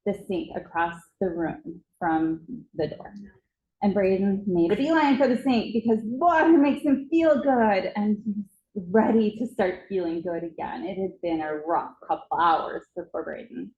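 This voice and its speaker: A woman's voice: mid-range voice, a little slow, echoey room, phone-quality sound. A woman speaking at a conference, telling a vivid story about a child and acting out its moments. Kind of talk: storytelling presentation. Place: conference hall.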